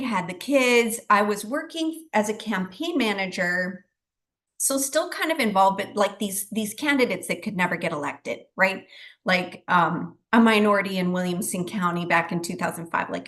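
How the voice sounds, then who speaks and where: A middle-aged woman, a guest psychic medium, telling her story in a lively, chatty way, laughing often and acting out what she said back then. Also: mid-range voice. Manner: animated, chatty, laughs often, acts out her own past words. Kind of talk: casual storytelling in a talk show interview.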